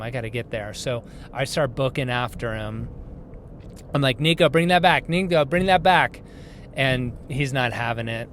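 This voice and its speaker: A man's voice: mid-range voice, slight background noise. A man in his thirties hosting a parenting podcast, telling a personal story in a casual, conversational way with plenty of fillers and asides. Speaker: podcast host.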